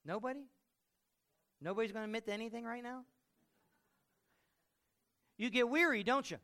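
A middle-aged male pastor delivering a lively sermon in a high, bright voice. He tells stories with big swings, bursting out loud one moment and dropping to quiet reflection the next. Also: moderate pace.

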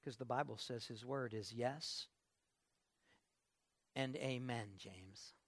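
An older man, a pastor, preaching a sermon in a folksy, conversational way, moving between soft asides and emphatic lifts. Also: mid-range voice, slow.

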